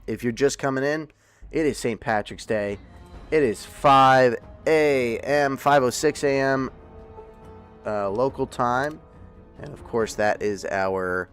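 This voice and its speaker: A man casually chatting to his viewers as a game streamer, rambling with lots of fillers and restarts. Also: mid-range voice. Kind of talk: casual livestream chat.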